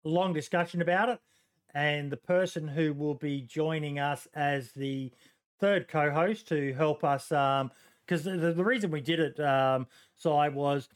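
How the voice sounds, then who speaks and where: A man's voice: fairly high pitch, measured pace. A man with an Australian accent hosting a casual podcast chat, hesitant with lots of ums and joking. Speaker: podcast host.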